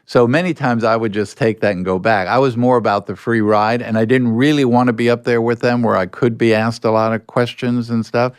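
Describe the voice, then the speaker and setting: An older man, a podcast guest, telling anecdotes in a relaxed way and acting out bits of dialogue. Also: mid-range voice, fairly quick, few pauses, smooth, dry recording, studio quality. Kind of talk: storytelling in a podcast interview.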